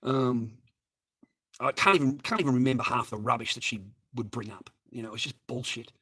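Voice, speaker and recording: A man spins a crude story in a loose, rambling way. He swears freely, circles back on himself, and keeps calling the listeners mate and boys. His pitch sits in an ordinary middle range for a man. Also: fairly even intonation, a little fast, pushed and bright, breathy edge. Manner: profane, rambling, addresses listeners as mates. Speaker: storyteller addressing viewers. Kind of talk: crude casual anecdote.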